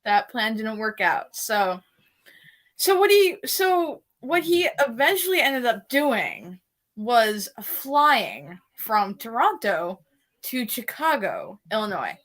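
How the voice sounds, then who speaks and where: A woman from the United States co-hosting a live stream and telling a story in a chatty, animated way. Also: on the high side, takes it slowly. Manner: chatty, animated storyteller who laughs easily. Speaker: co-host. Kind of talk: casual conversation on a live stream.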